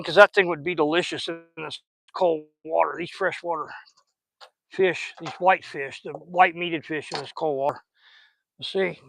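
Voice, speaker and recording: A man's voice: a little high, steady tone, moderate pace, vocal fry, bright, forceful tone. A man, chatting folksy and casual while fishing outdoors on a riverbank and recording on a phone, sweet-talking the fish he catches. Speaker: fishing vlogger.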